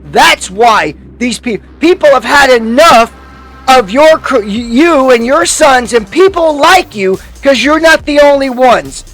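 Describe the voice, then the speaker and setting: A man's voice: very high voice, expressive, unhurried, a bit bright. A man hosting a YouTube commentary, delivering a heated, profane rant full of restarts and angry outbursts.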